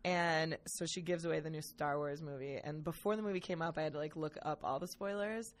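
Lively, self-mocking young woman on a podcast. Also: low-pitched, a little fast. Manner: animated, self-mocking, swears freely. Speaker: podcast guest, comedic performer. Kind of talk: casual chat.

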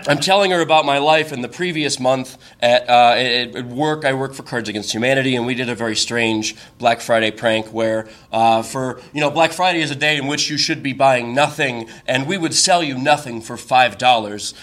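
Bright-voiced man telling a rambling story. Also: medium pitch, normal speed, few pauses. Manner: rambling, many fillers and self-interruptions; wry, incredulous asides. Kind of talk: comic personal storytelling.

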